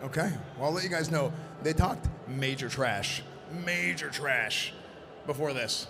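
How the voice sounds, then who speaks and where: Loud playful man hosting a noisy event. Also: mid-range voice, animated, normal speed. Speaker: event presenter in costume. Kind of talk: joking live event hosting. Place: convention event floor. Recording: noisy convention floor.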